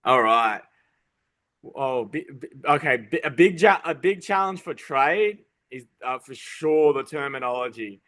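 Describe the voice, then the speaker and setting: A man's voice: mid-range voice, lively intonation, fairly bright tone. A man from Australia with a toned-down Australian accent, a tradesman guest chatting casually and stopping and restarting his sentences often. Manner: halting, stop-start, many false starts. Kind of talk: casual interview chat.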